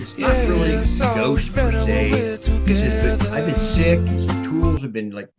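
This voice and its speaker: Podcast guest, man, mid-pitched, casual and rambling, repeats and restarts, on a video call. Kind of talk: casual storytelling chat.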